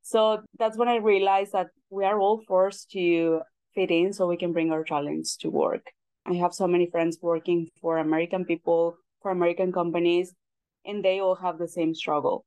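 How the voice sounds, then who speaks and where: Woman panel guest, Mexican Spanish accent, lowish voice, earnest and measured, dry sound. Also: flat delivery, darkish tone, smooth, no room sound. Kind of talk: casual panel conversation.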